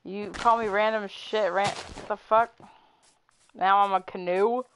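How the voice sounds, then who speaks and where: A woman's voice: mid-range voice, steady tone, measured pace, background noise. A young woman streaming a survival game, bickering playfully with a friend and swearing freely as she plays. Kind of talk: casual gaming chat.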